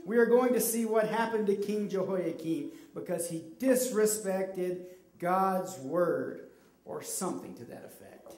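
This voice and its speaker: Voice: medium pitch, a little slow. A children's ministry leader directing a Bible skit with kids, cheering them on and feeding them their lines. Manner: lively, cheering, coaching kids line by line. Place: church children's room. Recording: roomy hall sound, mic at a distance.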